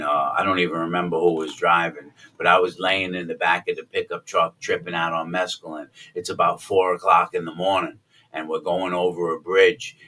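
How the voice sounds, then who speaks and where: A man's voice: deep voice, far from the mic. A man telling his own life story in a casual, rambling way, full of fillers and restarts, sometimes acting out what people said. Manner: rambling, lots of fillers and restarts, acts out quotes loudly.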